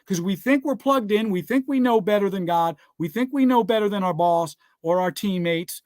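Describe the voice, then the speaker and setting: With a darkish tone yet a notably high voice, a man delivers an emphatic motivational speech at normal speed, combining scripture with business success. Over and over he says "guess what," checks in with "all right?", and tells listeners to write things down. The recording is dry and echo-free.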